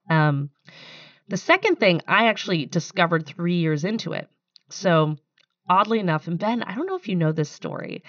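A woman founder with a low voice tells her story candidly on a podcast, sometimes moved. The sound is dry and slightly dull, like a close, muffled mic with no room around it. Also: no room sound. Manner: candid, storytelling, emotional at times. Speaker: startup founder and CEO. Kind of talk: podcast interview.

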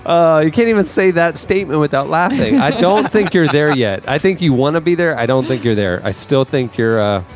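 A man's voice: on the high side, expressive, brisk, hardly any pauses, music in the background. A man hosting a podcast in casual chat, teasing and arguing his points with friends. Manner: teasing, argumentative. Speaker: podcast host.

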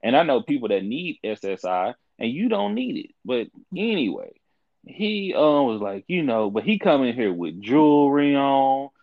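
A young man in his twenties chatting casually on a podcast, telling stories in a lively, swooping voice. His pitch jumps around as he acts out the people in them. The sound is dry and a little dull, like lo-fi audio. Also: moderate pace, vocal fry, no echo. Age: 20s. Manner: animated storytelling, acts out quoted people. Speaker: podcast co-host. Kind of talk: casual chat.

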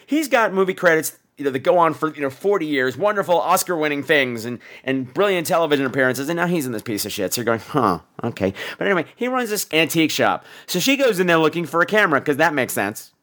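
A man hosts a podcast and rants through a bad-movie review with profane sarcasm. His voice sits high and swings widely in pitch, animated throughout. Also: quick pace, few pauses. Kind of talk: comedic movie-review rant.

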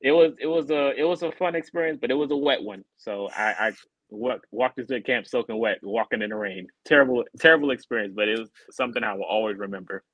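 A man co-hosting a podcast, telling a story in a casual, animated way and acting out other people's lines in a higher voice. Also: fast, no echo, rough recording. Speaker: podcast co-host.

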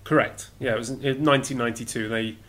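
A man's voice: mid-range voice, fast talker. Chatty British man hosting a podcast. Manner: chatty, animated, trailing off with fillers. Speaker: podcast host. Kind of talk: casual chat.

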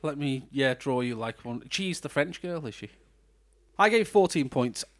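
A British man hosts a podcast, chatting casually about a film, laughing often and breaking into mock voices. His medium-pitched voice is animated and moves at a normal speed, with a little hiss or hum in the recording.

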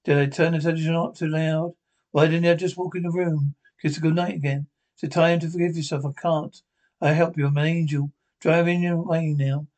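A man's voice: on the high side, flat delivery, fairly quick, a little mellow. A man speaking in an emotional, pleading way in the audio of a TV drama scene.

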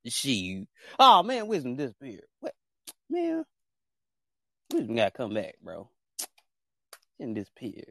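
Animated slangy male podcast host. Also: medium pitch, a little slow, vocal fry, long pauses, dry recording, clean studio sound. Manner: animated, joking, slangy, repeats himself. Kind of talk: casual podcast banter.

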